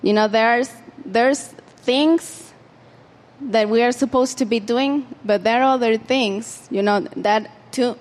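A woman's voice: on the high side, takes it slowly, big-room sound. A woman preaching an informal sermon in a conversational way, with frequent fillers and restarts.

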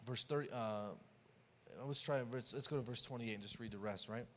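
A man preaching a sermon who swings between loud and hushed passages and acts out the dialogue of the story. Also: mid-range voice, fairly quick, slight background noise. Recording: long hall reverb.

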